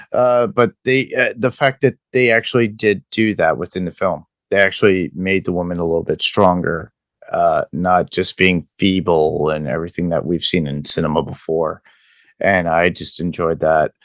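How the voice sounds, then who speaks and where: A man hosting a casual movie podcast, talking in a relaxed way and thinking aloud with many fillers. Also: sits low, no room sound, studio quality. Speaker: podcast host.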